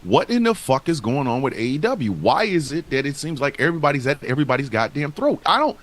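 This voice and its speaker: A man's voice: fairly high pitch, big pitch swings, quick pace. A man co-hosting a casual wrestling talk show, speaking in a heated, profane and emphatic way. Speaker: podcast co-host.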